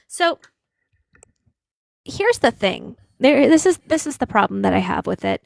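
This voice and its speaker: A woman's voice: on the high side, big pitch swings, unhurried, creaky, pauses often, no room sound. A woman hosting a livestream, reading news aloud and giving casual political commentary. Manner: conversational, hesitant with fillers.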